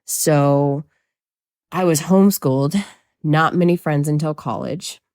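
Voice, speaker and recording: A woman's voice: deep voice, slow pace, a little mellow, no echo, studio quality. A woman hosting a podcast as a trauma coach, talking candidly and casually with lots of swearing and self-mocking humor. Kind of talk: casual confessional monologue.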